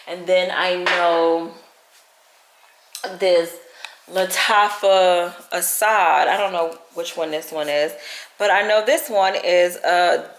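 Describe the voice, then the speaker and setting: Woman, vlog chat, animated venting, bright tone, echoey room, faint noise. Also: on the low side. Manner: animated, venting with lots of "baby" and "like". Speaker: vlogger. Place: at home.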